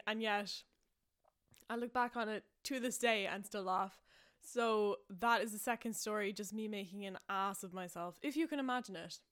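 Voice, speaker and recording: A woman's voice: medium pitch, steady tone, a little fast. Chatty young Irish woman telling stories. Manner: chatty and self-mocking, laughing often, many fillers. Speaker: podcast host. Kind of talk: casual storytelling podcast.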